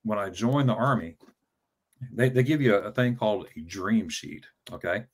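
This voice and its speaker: A man's voice: on the low side, moderate pace, slightly rough. A man in his fifties who tells a long personal story in a casual interview, stammering and repeating words with many fillers. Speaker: travel vlogger telling his story as an interview guest.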